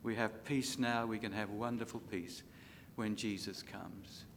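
Older Australian preacher in a hall. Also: male voice, on the low side, steady tone, a little hiss or hum. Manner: dramatic rises and drops in loudness, slows for scripture. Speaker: pastor. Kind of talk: sermon.

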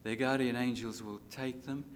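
An older Australian man preaches a sermon, his voice rising for scripture and sinking to near-quiet asides. His words ring out with a long reverb from a large hall, over a faint low rumble. He slows down to dwell on key lines. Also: steady tone. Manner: dramatic rises and drops in loudness, slows for scripture. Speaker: pastor.

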